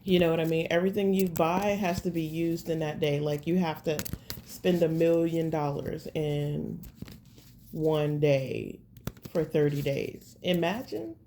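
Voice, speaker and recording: A woman's voice: low voice, flat delivery, measured pace, warm tone, a little hiss or hum. A woman giving a casual tarot reading at home, talking straight to her viewers in a rambling, slangy, laid-back way. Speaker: tarot reader.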